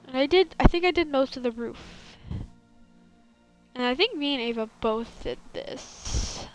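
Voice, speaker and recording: A woman's voice: high voice, expressive, measured pace, faint music behind, rough recording. A young woman streaming a building game, chatting casually and rambling with lots of fillers in a valley girl lilt. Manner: rambling, filler-heavy, self-correcting. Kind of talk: casual chat while gaming.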